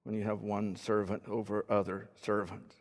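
A man's voice: lowish voice, level tone, moderate pace. A man giving a teaching sermon in a conversational way, explaining words and asking his listeners questions. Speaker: preacher. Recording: long hall reverb.

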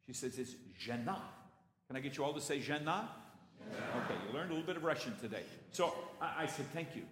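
A man from California preaching a sermon as a playful, animated storyteller. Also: a little high, fast talker, a little hiss or hum. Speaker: pastor. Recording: echoey church hall.

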